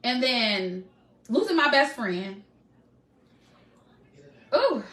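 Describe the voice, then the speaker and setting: Woman live-stream host, high and bright, heartfelt and open with viewers, echoey room. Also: animated, normal speed. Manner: emotional, heartfelt, addresses viewers as y'all. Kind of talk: candid personal live stream talk.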